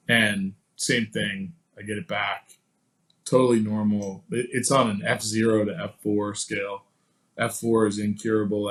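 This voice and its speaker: A man guesting on a podcast, telling a personal story in a casual, animated way and acting out the quoted dialogue. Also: lowish voice, rough recording. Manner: casual, many fillers like "like" and "you know".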